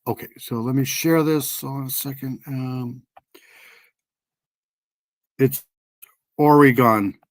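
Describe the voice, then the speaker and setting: A man's voice: mid-range voice, steady tone, slow, pauses often, a little mellow, no room sound. A man with a New England accent hosting a casual true crime livestream, rambling with many ums and restarts. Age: older.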